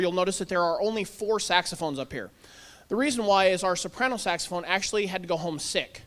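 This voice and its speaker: A man's voice: high voice, big pitch swings, fast talker, music in the background. Chatty man introducing musicians. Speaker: music group director. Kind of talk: casual announcement. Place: church sanctuary.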